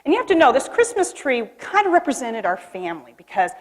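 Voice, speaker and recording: A woman's voice: high-pitched, quick pace. Middle-aged lady telling a story on stage, lots of drama, long echo in a big hall. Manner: animated, dramatic storytelling with acted quotes. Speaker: keynote speaker. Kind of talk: storytelling speech. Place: convention hall. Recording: reverberant hall.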